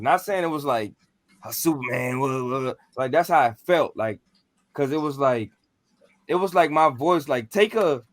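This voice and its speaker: A man on a podcast casually telling a paranormal story, animated and full of slang and cursing. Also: on the high side, no echo. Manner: animated, profane, slangy, acts out what he said.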